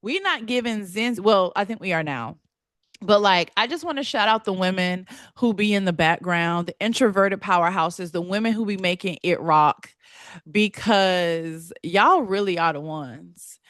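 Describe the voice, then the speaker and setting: A woman in her thirties from North Carolina with a Southern US accent, hosting a solo podcast in a chatty, animated way. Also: mid-range voice, moderate pace, no room sound, clean studio sound. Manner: animated, chatty, laughs often, heavy use of "like" and "baby". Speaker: podcast host. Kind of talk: casual solo podcast talk. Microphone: podcast mic.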